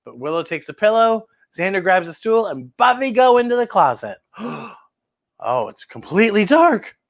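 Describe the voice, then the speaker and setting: Animated woman storyteller for kids. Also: mid-range voice, normal speed. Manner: animated, expressive, exclaiming. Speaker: children's storyteller host. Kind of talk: reading a picture book aloud to kids.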